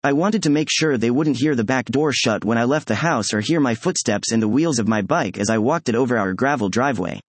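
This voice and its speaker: Male audiobook narrator, measured storyteller, husky tone, dry close mic. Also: mid-range voice, lively intonation, dry recording. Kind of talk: first-person story narration.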